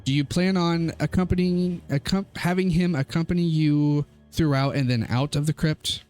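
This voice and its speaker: A man narrating as game master of a tabletop game, giving an easygoing, unhurried lore recap. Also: fairly high pitch, steady tone, darkish tone, soft background music.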